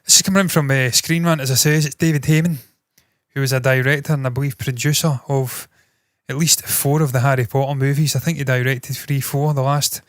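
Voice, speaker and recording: A man's voice: mid-range voice, steady tone, brisk, dry recording, studio quality. Blunt, swearing entertainment news man. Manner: blunt, swears freely, thinks aloud with restarts. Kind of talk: casual opinionated commentary.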